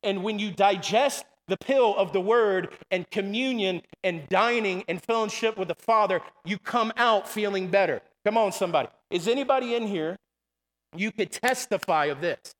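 High-voiced preacher in a reverberant church. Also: male voice, moderate pace. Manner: call-and-response preaching, repeating "come on" and "amen". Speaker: pastor. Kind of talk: sermon. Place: church sanctuary. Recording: long hall reverb.

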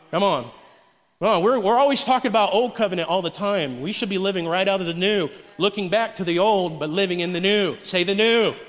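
A young male pastor preaches with a high-pitched voice, driving his sermon forward with constant calls of "come on". His voice carries through a large hall with a long, lingering reverb. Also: a bit bright. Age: young adult.

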